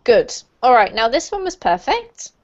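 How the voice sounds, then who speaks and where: A woman runs a live online pronunciation class, explaining sounds slowly and laughing easily with her students. Her voice sits a bit high, and the video-call audio comes through dull and lo-fi. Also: big pitch swings, darkish tone. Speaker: online English teacher. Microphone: computer mic on a video call.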